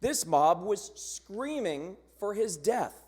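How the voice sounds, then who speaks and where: A man with a fairly high voice reads scripted narration for a church cantata. He speaks slowly and solemnly, with a lively, rising-and-falling delivery and rhetorical questions. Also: husky. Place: church sanctuary during a choir performance.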